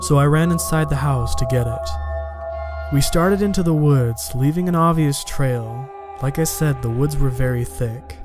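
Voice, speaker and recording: A man telling a first-person horror story in a steady, measured reading. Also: mid-range voice. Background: music.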